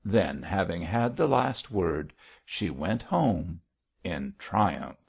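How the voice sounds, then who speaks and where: A man narrating an audiobook in a measured, expressive reading. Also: low-pitched, vocal fry, breathy edge. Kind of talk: scripted narration. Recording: dull lo-fi audio.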